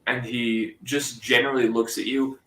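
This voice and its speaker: A man narrating a tabletop game as game master, halting and full of ums and restarts. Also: medium pitch, flat delivery, bright, forceful tone. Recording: roomy, distant mic with faint ambience.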